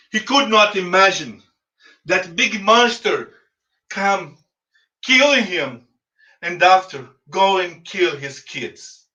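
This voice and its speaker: Slow, high-voiced Brazilian storyteller man. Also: bright, forceful tone. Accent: Brazilian Portuguese. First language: Portuguese. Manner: emphatic, repeats phrases, addresses listeners as friends. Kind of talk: dramatic spoken storytelling. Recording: echoey, distant, dull lo-fi.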